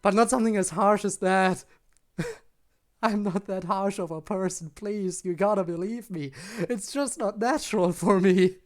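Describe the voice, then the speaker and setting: At medium pitch and normal speed, a game streamer casually chats with late-night viewers during gameplay. They come across as self-conscious and tired, giggling a lot.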